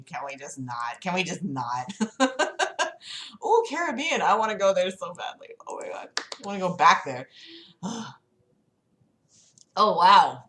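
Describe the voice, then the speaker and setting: A woman's voice: on the low side, fairly bright tone, reverberant. A young woman hosting a casual livestream from her city apartment, rambling and giggling, with lots of "like". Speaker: livestream host.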